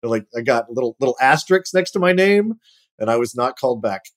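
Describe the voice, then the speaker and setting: A man's voice: mid-range voice, quick pace. A man spinning a casual, self-deprecating story about his own mishaps. He swears freely and jumps into the other people's voices as he tells it. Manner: animated storyteller acting out quoted voices; profane, self-mocking. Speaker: guest actor. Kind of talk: casual anecdote telling.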